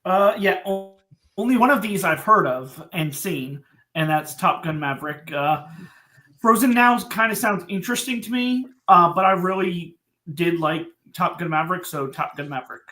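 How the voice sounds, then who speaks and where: A man's voice: sits high, lively intonation, normal speed, pushed and bright. A man giving his picks as a panelist, hesitant and filler-heavy. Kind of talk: casual group chat.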